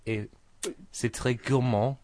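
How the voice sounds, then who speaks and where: A man putting on a mock-seductive French accent in a breathy half-whisper, speaking slowly for comic effect on a radio show. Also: medium pitch, steady tone, a little mellow, natural voice. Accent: put-on French. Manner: slow, mock-seductive, breaking into giggles. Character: sultry whispering Frenchman, hammy.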